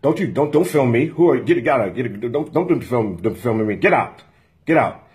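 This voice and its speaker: A man voicing a stubborn male shop employee who gives flat, dismissive refusals in a lowered voice. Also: a little fast, natural voice. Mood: agitated.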